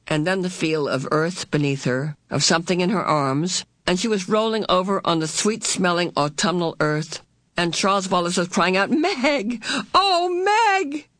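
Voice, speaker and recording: A woman narrating a storybook in a slow, deliberate, heartfelt way, lifting into the characters' voices for their lines. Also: fairly low pitch, fairly bright tone, dry recording, studio quality. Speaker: audiobook narrator. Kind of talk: expressive storybook reading.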